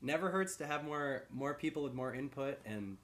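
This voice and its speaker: A man co-hosting a podcast in relaxed, rambling casual chat, laughing easily. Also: on the high side, normal speed. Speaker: podcast co-host.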